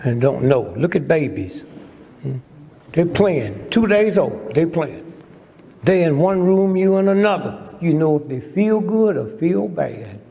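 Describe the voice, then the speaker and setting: An American man in his eighties, his voice fairly high, gravelly and mellow, gives a comedic lecture to a live audience in a large hall. He's preacherly and teasing, tacking "hmm?" onto nearly every point, and the room has a long reverb.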